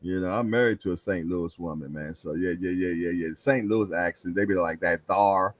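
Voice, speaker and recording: A middle-aged hangout show host speaks briskly in a deep voice on a low-quality recording. His talk is casual and slangy, mixing jokes, stories, and frequent laughter.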